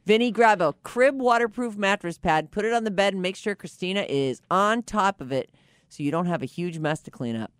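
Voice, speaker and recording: A woman's voice: mid-range voice, animated, fairly quick, clear, resonant tone, no room sound. Woman reading a letter in a dry, plain voice. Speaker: podcast co-host. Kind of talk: casual banter and reading a listener letter.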